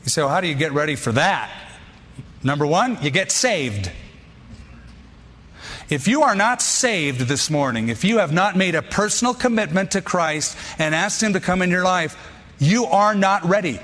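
Guy preaching a sermon, punchy short lines, kinda high voice, long echo off the hall. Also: animated, moderate pace, fairly bright tone. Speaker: pastor.

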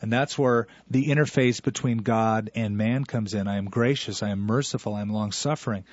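A man's voice: on the low side, fairly quick, no room sound, dull audio. Earnest male radio Bible teacher. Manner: earnest, explanatory, lecturing.

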